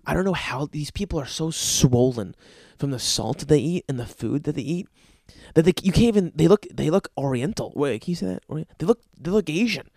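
Gravelly, profane podcast host man. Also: on the high side, fairly quick, dry recording. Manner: profane, animated and rambling. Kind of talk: casual comedic storytelling monologue.

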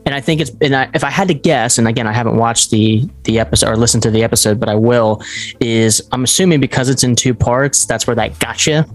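A young man co-hosting a podcast, talking casually and jokingly, his voice jumping up when he gets excited. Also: fast. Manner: animated, jokey, pitch jumps up when excited. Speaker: podcast co-host. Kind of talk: casual chat.

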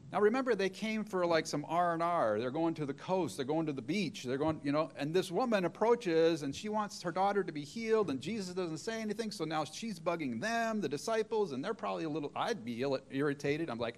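A middle-aged male preacher gives a sermon in a voice a little higher than most men's, animated and brisk. He walks through the story step by step, slipping into the voices of the people he quotes.

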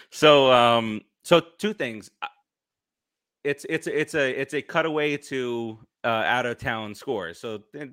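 A man hosts a loose sports podcast with a bright, forceful voice. He rambles and restarts his sentences. The sound is dry and close. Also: medium pitch, dry recording. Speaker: podcast host. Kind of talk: casual sports chat.

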